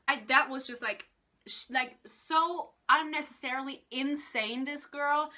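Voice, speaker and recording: A woman's voice: high voice, bright, forceful tone. A woman in a casual book rant, exasperated, swearing often and laughing between points. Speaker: book reviewer.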